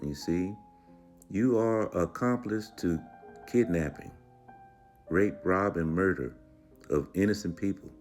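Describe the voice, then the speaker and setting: A man's voice: low voice, slow, pauses often, a little mellow, soft background music. A man giving reaction commentary in a preachy, lecturing way.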